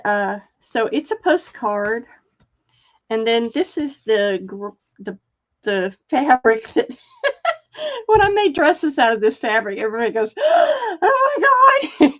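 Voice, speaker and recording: A woman's voice: a little high, sing-song, takes it slowly, long pauses. An older woman casually chatting on a live stream, greeting viewers by name and trailing off as she searches for things. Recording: dull lo-fi stream audio.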